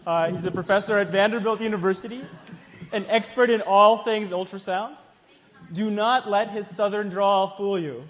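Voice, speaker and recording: Here the science contest host's voice is high but his intonation stays fairly even, and he talks at a normal speed. He teases the judges as he introduces them, laughing often, and the echoey hall is full of audience chatter and noise.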